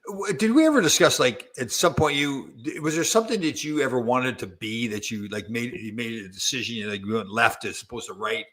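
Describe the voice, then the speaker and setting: A man hosting a casual chat, telling stories in a halting, rambling way full of restarts and fillers. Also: medium pitch, expressive, fairly bright tone. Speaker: podcast host.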